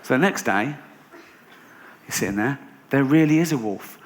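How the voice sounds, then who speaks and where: An English man performing a stand-up comedy routine on a theatre stage, telling stories deadpan and then ranting in disbelief. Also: mid-range voice, moderate pace. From England. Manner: storytelling, deadpan then rising to incredulous rants. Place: theatre stage with a laughing audience. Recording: noisy live venue recording.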